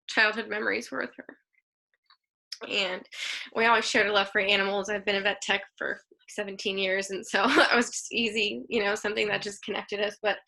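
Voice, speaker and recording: A woman's voice: medium pitch, vocal fry, sharp tone. A woman in her thirties on a video call, sharing memories at a memorial and laughing through her tears.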